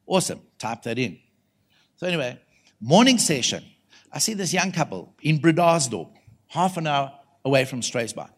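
A middle-aged man with a South African accent, preaching a sermon as a lively story and acting out the voices of the people in it. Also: mid-range voice, moderate pace. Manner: animated, acts out the voices in his stories.

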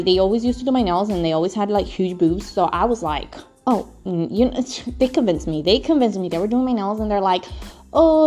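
A woman's voice: medium pitch, darkish tone. Candid, rambling young woman vlogger. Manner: rambling, candid, swears often. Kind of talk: casual storytelling.

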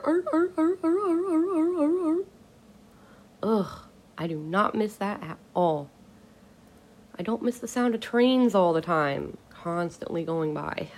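A woman's voice: on the low side, a little mellow. A woman hosting a casual solo podcast, ranting bluntly and with exasperation, swearing casually. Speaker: podcast host.

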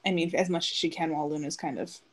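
A woman's voice: low-pitched, steady tone, quick pace, crowd noise, low-quality recording. A woman in her thirties, a podcast co-host telling a long story in casual chat and acting out the quotes. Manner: chatty storytelling, acts out quotes.

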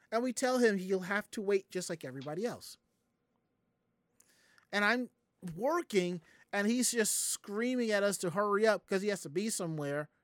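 A streamer from the Southern United States tells chat a story casually, animatedly and profanely, acting out the people involved. The voice is medium-pitched, with studio-quality sound and no echo.

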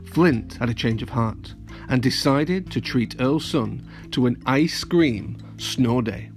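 A man narrating a children's storybook in an even, plain reading voice of middle pitch. Soft music plays faintly beneath him. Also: slow pace. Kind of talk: storybook read-aloud.

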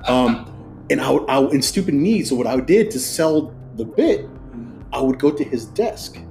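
Mellow-voiced man hosting a podcast. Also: medium pitch, lively intonation, vocal fry, faint music behind. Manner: chatty storyteller, drops into quick impressions. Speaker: podcast host. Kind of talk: casual podcast chat.

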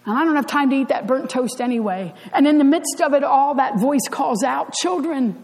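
High-voiced woman pastor preaching in a hall. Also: fairly quick, darkish tone. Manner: conversational storytelling with dry humor. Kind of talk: sermon. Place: church sanctuary. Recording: church hall reverb.

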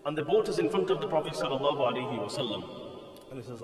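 A man's voice: medium pitch, animated, very fast, far from the mic. Man lecturing in an echoey hall. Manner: tells the story vividly, chants the call to prayer melodically. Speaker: mufti giving a mosque lecture. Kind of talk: storytelling religious lecture. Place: mosque prayer hall.

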